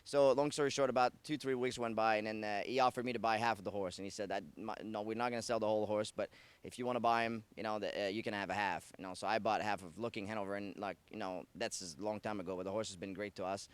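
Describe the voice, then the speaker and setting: A man's voice: lowish voice, steady tone, fast, smooth, no room sound. A man with a French-Canadian accent, a racing driver telling stories in a casual interview, rambling and correcting himself. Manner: rambling, self-correcting, many fillers. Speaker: harness racing driver, guest.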